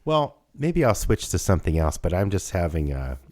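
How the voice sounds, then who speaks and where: A man in his fifties co-hosts a podcast from his home studio, chatting loosely, rambling, laughing often and restarting his sentences. His low, darkish voice is very animated at a moderate pace, and there's no echo.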